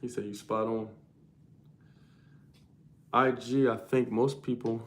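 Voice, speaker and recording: A young man hosts a casual livestream, talking to his viewers in loose, slangy language. His voice sits at an ordinary middle pitch. He speaks as if the chat were in the room with him. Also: fairly even intonation, takes it slowly, fairly bright tone, roomy sound. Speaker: livestream host.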